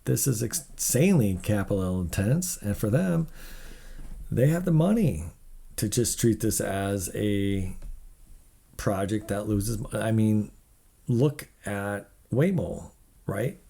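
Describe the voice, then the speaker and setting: A man with a low, gravelly voice and a dark, mellow tone talks through financial numbers in a loose, rambling way. He sounds worn out and openly skeptical, giving blunt verdicts between yawns. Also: lively intonation, slow. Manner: blunt, skeptical, rambling asides, keeps yawning. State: tired. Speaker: tech video host. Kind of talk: casual commentary reading financial figures.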